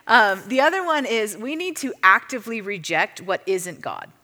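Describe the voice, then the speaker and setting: Bright-voiced woman teaching in a reverberant hall. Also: medium pitch. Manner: chatty, filler-heavy, animated storytelling. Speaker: ministry teacher. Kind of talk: casual teaching talk.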